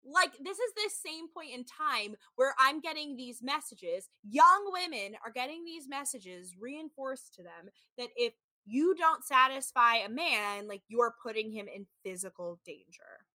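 A woman in her thirties, her voice sitting high, speaks at a measured pace with hardly any pauses and no echo. Co-hosting a podcast, she casually recaps a reality show through animated storytelling, full of "like" and acted-out quotes.

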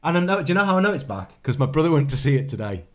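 A man's voice: on the high side, very animated, racing. A British man co-hosting a casual podcast, chatty and stumbling over his words. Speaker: podcast co-host. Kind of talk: casual chat.

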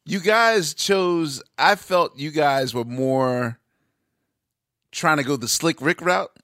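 A man's voice: on the high side, slow, a bit bright, dry recording, clean studio sound. Enthusiastic man hosting a chat. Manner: enthusiastic, breaks down music with spoken examples. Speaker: podcast host. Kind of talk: casual interview chat.

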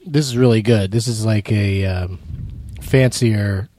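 A man co-hosting a casual chat, rambling with halting restarts and dry humor. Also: lowish voice, mellow, a little hiss or hum.

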